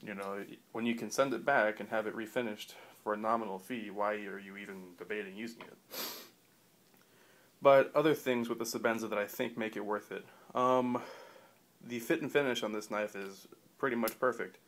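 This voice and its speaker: Low-voiced man rambling through a knife review. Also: normal speed, fairly bright tone. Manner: rambling, many fillers and restarts; dry, offhand humor. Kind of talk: casual product review.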